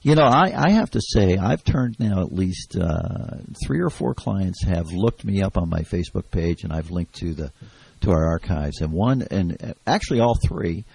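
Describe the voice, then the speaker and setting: A man with a very deep, gravelly voice and a soothing, relaxed way of talking. He co-hosts a radio show and chats casually. The sound is close and dry. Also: normal speed, hardly any pauses, no room sound. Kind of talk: casual chat. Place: radio studio.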